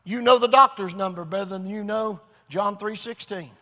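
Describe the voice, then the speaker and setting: High, bright-voiced preacher in reverberant hall. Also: male voice, moderate pace. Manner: earnest, repetitive, building to shouts. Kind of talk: revival sermon. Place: large church hall.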